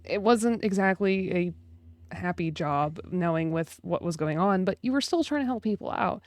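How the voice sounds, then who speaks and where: A woman's voice: on the low side, expressive, normal speed, a little mellow, no room sound, studio quality. A young woman from central Pennsylvania co-hosting a podcast, telling stories in casual chat and swearing now and then. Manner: chatty storyteller, swears casually. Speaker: podcast co-host.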